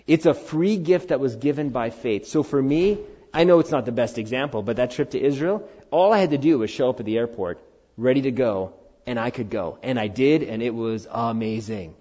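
A middle-aged man preaching a sermon, earnest and animated, swinging from loud, high emphasis down to quiet, low conviction. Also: moderate pace. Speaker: pastor. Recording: dull, slightly lo-fi sound.

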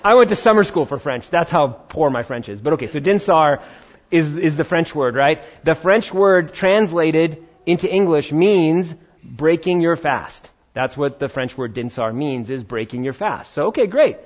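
A man preaching a sermon as pastor, talking in a conversational, animated way with playful asides. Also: fairly high pitch, normal speed. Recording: dull lo-fi sound.

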